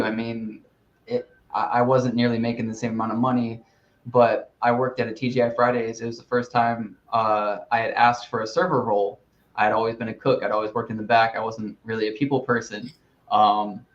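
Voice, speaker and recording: A man hosting a podcast in casual chat, telling a long story with lots of "like" and restarts. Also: medium pitch. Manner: rambling storyteller, heavy use of "like". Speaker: podcast host. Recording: slightly dull lo-fi recording.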